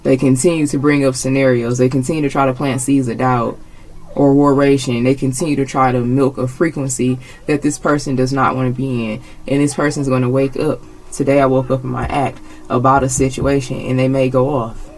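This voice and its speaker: A woman's voice: rumbling low, steady tone, brisk, darkish tone, poor audio. A woman giving a casual tarot reading, blunt and emphatic, swearing freely and repeating her phrases. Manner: emphatic, gets agitated. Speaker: tarot reader.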